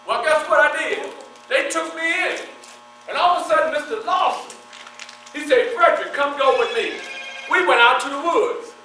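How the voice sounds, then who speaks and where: Man, in-character storyteller, very high bright voice, asks the audience questions, echoey hall from far off, faint mains hum. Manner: animated, asks the audience questions and answers them. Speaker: historical reenactor performing in character. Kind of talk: first-person dramatic storytelling to a live audience.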